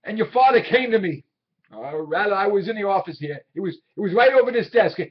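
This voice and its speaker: A husky, worn-out aging salesman in a film drama, proud and desperate. His voice sits a little high and slightly breathy. The sound is dull, like an old film soundtrack. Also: animated, a little fast. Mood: pleading loudly. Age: 60s. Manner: pleading, swinging between quiet reminiscing and shouting.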